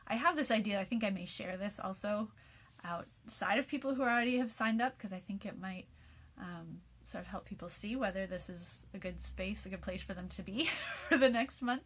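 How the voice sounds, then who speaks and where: A woman's voice: mid-range voice, fairly quick, a bit bright, slightly rough. A woman in her forties speaks in a candid, rambling personal message. She sounds tired from a sleepless night, with frequent fillers and restarts. Light laughs slip in mid-sentence. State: tired after an all-nighter. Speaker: program host.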